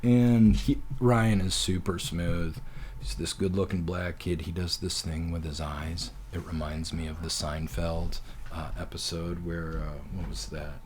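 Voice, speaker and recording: A man from North Dakota hosting a talk show, telling comic stories in an animated, profane way and acting out quotes. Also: low-pitched, measured pace, slight background noise. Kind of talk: comedic storytelling.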